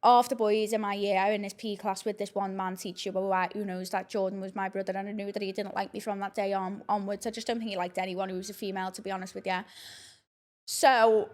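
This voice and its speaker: A young woman rattles through a story at a quick pace on her podcast. She keeps it frank and rambling, full of swearing and fillers, at a middling pitch. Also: flat delivery. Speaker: podcast host.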